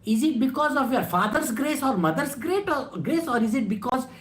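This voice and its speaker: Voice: high-pitched, sing-song, moderate pace, reverberant. A spiritual teacher giving a scripture talk in a blunt, scolding way, full of rhetorical questions.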